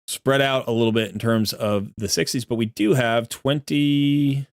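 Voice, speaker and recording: A man's voice: mid-range voice, steady tone, a little slow, no room sound, clean studio sound. A man giving chatty, rambling live-stream commentary as he looks through a viewer's game account, often correcting himself.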